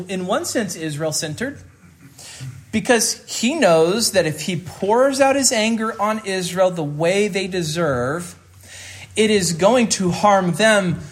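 Emphatic man preaching a sermon. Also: sits high. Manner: deliberate emphatic teaching, slowing on key phrases.

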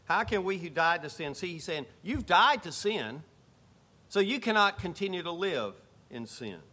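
Male pastor, sermon delivery, high bright tone, swings between loud emphasis and soft asides. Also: lively intonation, moderate pace, slightly rough. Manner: emphatic preaching, rising to exclamations then dropping to low asides.

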